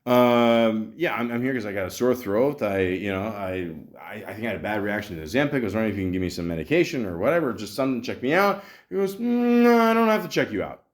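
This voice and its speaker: A Canadian podcast host tells a story as a casual, profane rant, stammering through restarts and acting out dialogue. He talks fast in a fairly low voice with lively intonation.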